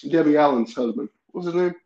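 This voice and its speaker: Animated male podcast guest on an echoey line. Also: a little high, fairly quick. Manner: animated, laughing, throws questions back to the host. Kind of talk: casual sports debate. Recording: dull echoey remote line.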